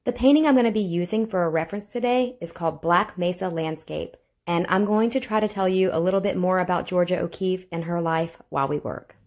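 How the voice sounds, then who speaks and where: A Southern US art teacher with a fairly low, slightly mellow voice talks fairly quickly with few pauses. Filming a home video lesson for children on a phone camera in a home room, she's friendly and chatty, explaining as she draws.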